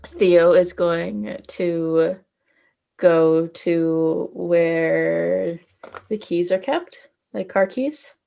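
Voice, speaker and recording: A woman's voice: fairly low pitch, very slow, vocal fry, warm tone. A woman talking casually as a player in a tabletop role-playing game, hesitant with fillers and swearing now and then. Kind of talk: tabletop role-play chat.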